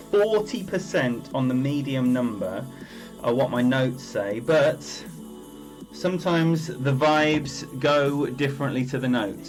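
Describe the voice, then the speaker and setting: A man commentating on his own game play during a live stream, chatty and rambling as he greets viewers by name. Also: medium pitch.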